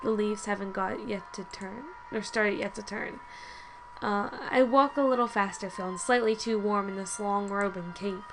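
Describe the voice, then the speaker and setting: A woman's voice: medium pitch, moderate pace, background noise. A woman reading a story game aloud with chatty asides, often stumbling and correcting herself. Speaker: let's play host.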